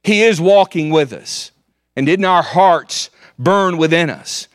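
A man's voice: a little high, expressive, takes it slowly, clear, resonant tone, no echo, clean studio sound. A man preaching a sermon, earnestly quoting scripture. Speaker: pastor.

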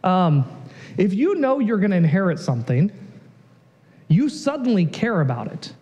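A man in his thirties preaching a sermon in an animated, jokey way, often rising to a shout. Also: sits high, moderate pace. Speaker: pastor.

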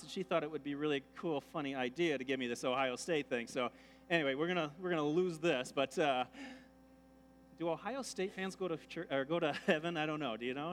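In a church sanctuary, a pastor with a high-ish, fairly bright voice delivers a jokey, conversational sermon, with slight background noise. He performs the voices of the people he quotes.

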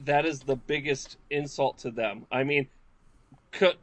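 A man's voice: medium pitch, steady tone, a little slow. A man co-hosting a casual book discussion, talking with frequent hesitations and restarts. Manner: hesitant, many restarts and fillers.

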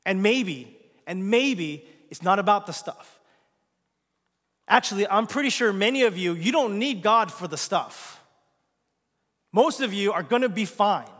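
A man preaching a sermon as pastor, swinging from loud, emphatic lines to hushed, near-whispered asides. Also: high-pitched, lively intonation, unhurried, pauses often, in a large hall.

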